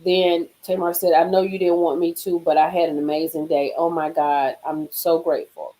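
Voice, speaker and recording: A woman hosting a casual live stream from a car, reading gossip aloud and reacting with sudden high exclamations and low murmurs. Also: normal speed, rough recording. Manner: animated, swings into high exclaims and drops to murmurs.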